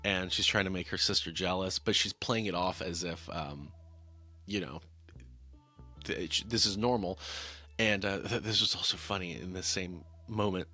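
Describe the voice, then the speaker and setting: A man's voice: deep voice, normal speed, sharp tone, faint music behind. A man casually reviewing a film on camera, wry and rambling with many restarts. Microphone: talking-head camera mic.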